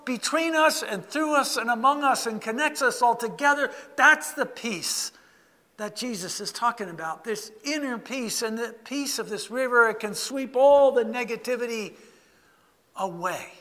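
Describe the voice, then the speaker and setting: A man preaching a sermon, leading a slow guided meditation with soft, hushed passages. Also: very high voice. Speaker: pastor. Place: church sanctuary. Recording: long reverb of a church hall.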